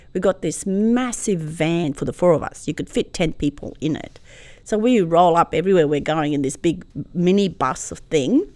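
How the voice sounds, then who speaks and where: Animated woman telling family story. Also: sits low, no echo. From Croatia. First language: Croatian. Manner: emotional, lively storyteller who laughs often. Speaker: guest. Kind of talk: casual storytelling interview.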